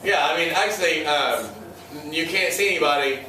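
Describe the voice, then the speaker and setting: A man's voice: fairly high pitch, moderate pace, background noise. A male history teacher lecturing a class, joking and sarcastic, often quizzing his students. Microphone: far room mic. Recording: echoey classroom from far off.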